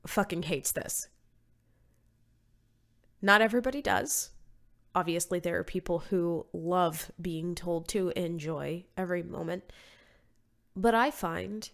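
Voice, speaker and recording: A woman's voice: lowish voice, vocal fry. A woman in her thirties hosting a solo podcast, sounding nasal from allergies, blunt and sarcastic with casual swearing. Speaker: podcast host.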